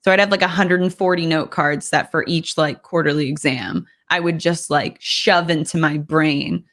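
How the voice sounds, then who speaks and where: A woman's voice: low-pitched, steady tone, moderate pace, fairly bright tone. A woman chatting casually as a guest player, bubbly and rambling and laughing often. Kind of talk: casual chat.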